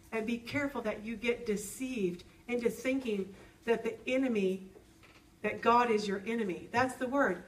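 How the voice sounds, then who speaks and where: A woman's voice: fairly high pitch, a bit bright, recorded from a distance, poor audio. A woman preaching a sermon in an earnest, personal way, acting out her own prayers as she speaks.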